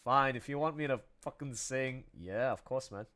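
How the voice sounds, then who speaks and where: Streaming as he draws comics, a man talks casually at normal speed in a medium-pitched, sharp-toned voice. His manner is playful, with frequent laughter and occasional bursts of singing.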